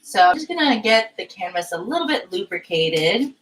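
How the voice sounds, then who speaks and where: Lively, chatty woman streaming a painting session. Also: medium pitch, moderate pace, rough recording. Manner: chatty, giggly, self-deprecating, talks to chat. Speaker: painting livestream host. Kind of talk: casual live-stream chat while painting.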